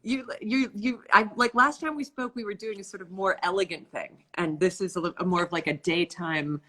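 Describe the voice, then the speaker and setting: A woman's voice: medium pitch, a little fast, bright, forceful tone. A woman hosting a live-stream author interview, chatting casually and affectionately with viewers, often laughing.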